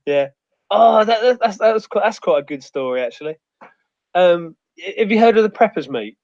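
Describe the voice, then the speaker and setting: A man's voice: high-pitched, animated, moderate pace, a little mellow, no echo. A man with a rambling, sweary storytelling manner in a casual outdoors chat. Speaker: outdoors guest. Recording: muffled dry audio.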